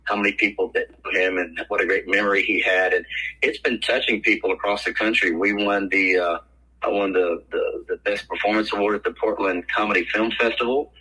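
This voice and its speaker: A man's voice: lowish voice, a little fast, breathy edge, low-quality recording. An older man, an actor guest on a podcast, telling stories in casual chat and acting out the voices of people he quotes. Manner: animated storyteller, acts out quoted voices. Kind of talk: casual podcast interview storytelling.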